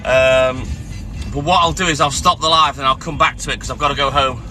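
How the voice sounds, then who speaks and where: A hoarse man chatting calmly to viewers on a live stream from inside his van. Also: brisk, faint music behind. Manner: keeping his voice calm and low, chatting to viewers. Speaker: livestreamer. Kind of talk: casual live-stream chat.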